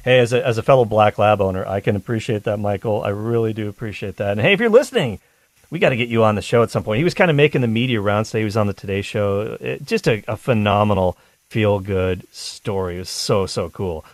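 A man's voice: fairly low pitch, fast talker, no room sound. A man hosting a talk radio show, chatting enthusiastically between calls. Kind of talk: casual talk radio chat.

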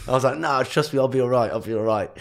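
In a gravelly, medium-pitched voice and at a quick pace, a young man recounts his life story as a guest entrepreneur on a podcast interview. He is an animated storyteller, acting out quotes from his parents and teachers.

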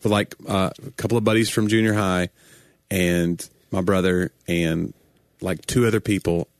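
Man, middle-aged, low voice, playful podcast chat, dry sound. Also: steady tone, no echo. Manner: playful, quick to joke and quote movies. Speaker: podcast co-host. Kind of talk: casual chat.

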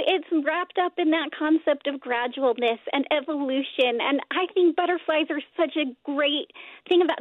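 High squeaky woman on a phone line. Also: no room sound. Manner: rambling, self-correcting, laughs often. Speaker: guest, nonprofit co-founder. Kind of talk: casual interview talk.

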